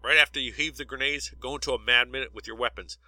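A man's voice: mid-range voice, brisk, sharp tone, no echo, rough recording. A man voicing a tough male squad leader under fire, who gives orders in a raised voice. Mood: commanding.

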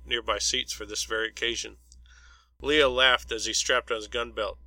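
A man reading a story aloud as narrator, in an even, unhurried storytelling way. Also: medium pitch, dry recording, rough recording. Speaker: audiobook narrator. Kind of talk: scripted narration.

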